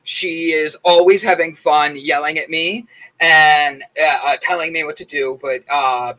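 A man's voice: fairly high pitch, fairly even intonation, unhurried, sharp tone, poor audio. A man hosting a morning talk show, chatting casually and rambling through stories with many fillers. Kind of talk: casual chat.

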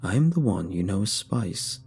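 Man voicing an ancient calm dog-dwelling mold. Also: creaky, slightly rough, soft background music, exaggerated voice. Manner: slow, low, measured.

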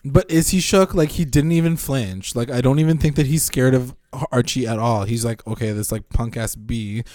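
A man's voice: mid-range voice, normal speed, mellow, dry recording, studio quality. A young man in casual chat, laughing often and adding skeptical asides as he recaps a TV episode. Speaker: podcast co-host.

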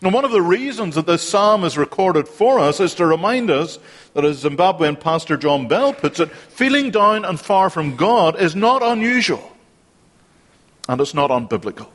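A man delivers a sermon, his voice sitting a little high for a man. He is earnest and repeats phrases for emphasis, and his words ring out with a long echo in a large hall. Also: sing-song, moderate pace, fairly bright tone. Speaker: preacher.

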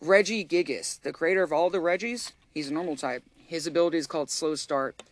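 A young man with a slightly raised pitch hosts a loose podcast chat. He rambles through his stories, full of restarts and filler words. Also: brisk. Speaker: podcast host. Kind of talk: casual chat.

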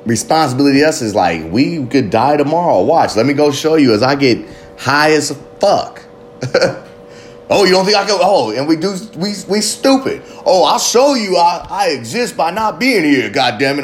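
Man, mid-pitched, fierce and foul-mouthed recovery pep talk, rambling; faint noise in the background. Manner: fiery, swearing, rambling with tangents. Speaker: recovery motivational speaker. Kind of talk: profane motivational monologue.

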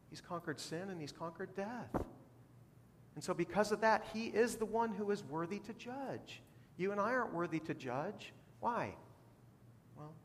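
A man's voice: a little high, slight background noise. A man preaching a sermon as a pastor, with rising bursts of emphasis. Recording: long hall reverb.

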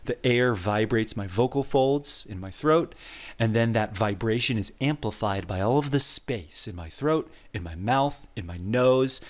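A man co-hosting a casual podcast, patiently explaining vocal technique and demonstrating. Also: fairly low pitch. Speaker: co-host giving a voice lesson.

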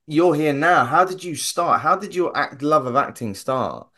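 A man hosting a podcast, talking in a relaxed, informal way in a casual interview chat. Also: on the high side, moderate pace. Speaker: podcast host.

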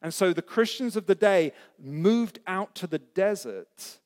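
Guy preaching, kinda high voice, talks casual and earnest, lots of questions, echoey hall. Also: animated, measured pace, darkish tone. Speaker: pastor. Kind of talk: sermon.

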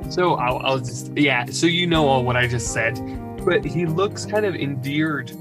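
A man's voice: mid-range voice, measured pace, music in the background. A man running a tabletop game as game master, narrating in a hesitant way with many restarts.

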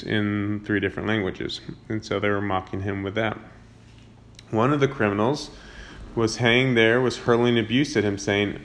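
Casting: man with a lowish voice, casual Bible-study teacher reading a passage and adding loose commentary. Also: fairly even intonation, measured pace, a bit bright. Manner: conversational, explains as he reads, frequent restarts.

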